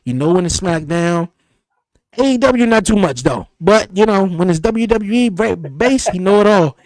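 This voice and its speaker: A man hosting a podcast, telling a story in a lively, animated way. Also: high-pitched, moderate pace, no room sound. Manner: animated storyteller, acts out his son's lines. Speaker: podcast host. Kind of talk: casual podcast chat. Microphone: podcast studio mic.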